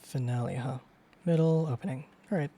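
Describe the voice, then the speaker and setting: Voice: medium pitch, a little fast, warm tone, slight background noise. A streamer reading a visual novel aloud with emotion, swearing often and reacting to the game.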